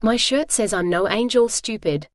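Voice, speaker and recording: A woman's voice: on the high side, normal speed, no echo, studio quality, lightly acted. A synthetic woman's voice as a defiant young captive woman. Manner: sharp, defiant.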